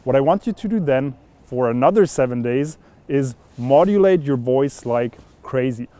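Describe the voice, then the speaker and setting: A man's voice: mid-range voice, expressive, normal speed, warm tone, dry recording. A young man coaching viewers straight to camera, upbeat and instructive as he explains a voice exercise. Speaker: voice and communication coach. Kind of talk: direct-to-camera teaching.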